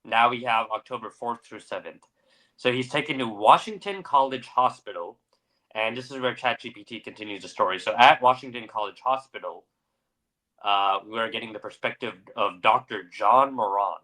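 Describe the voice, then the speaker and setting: A man's voice: mid-range voice, normal speed, pushed and bright. A young adult man co-hosting a podcast, narrating a story dramatically and then chatting casually with fillers. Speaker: podcast co-host. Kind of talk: story reading and casual chat.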